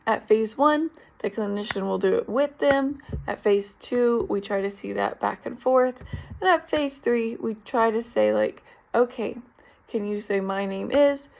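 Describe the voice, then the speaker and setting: A woman's voice: fairly high pitch, unhurried, vocal fry, a little mellow. A young woman explaining a therapy method in a recorded class presentation, informal and full of ums. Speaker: speech therapy student.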